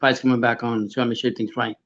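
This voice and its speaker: A man's voice: mid-range voice, level tone, racing, a bit bright, muffled recording. A man hosting a live fight reaction stream, swearing, stammering and answering chat comments.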